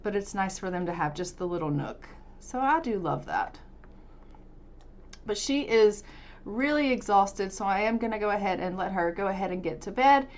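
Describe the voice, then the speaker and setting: A woman's voice: medium pitch, lively intonation, moderate pace, slight background noise. A woman casually commentating her life-simulation gameplay as a let's-play host, chatty and upbeat. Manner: chatty, upbeat, narrates what she does in the game.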